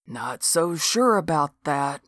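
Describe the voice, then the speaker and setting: A woman's voice: low-pitched, sing-song, a bit bright, dry recording, studio quality, heavily acted. Woman doing a drawling lawman. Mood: matter-of-fact. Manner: slow drawl, matter-of-fact. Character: gruff big Southern lawman, laid-back.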